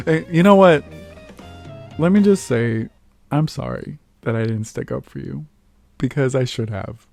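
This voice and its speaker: A young man hosting his own vlog, telling childhood stories in a casual, animated way, laughing often and acting out other people's lines. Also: on the high side, normal speed, gravelly, faint music behind. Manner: animated, laughs often, acts out quotes in raised voice. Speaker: vlog host. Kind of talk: casual storytelling monologue.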